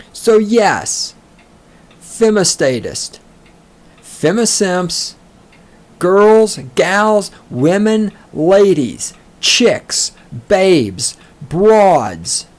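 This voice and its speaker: A man hosting a solo book-discussion podcast, reading passages aloud and mocking them in a sarcastic, profane rant. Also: high voice. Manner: reads passages aloud, then mocks them. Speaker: podcast host.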